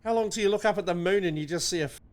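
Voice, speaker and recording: A high-pitched man talks very fast as a podcast co-host, ranting sarcastically and swearing freely amid casual banter.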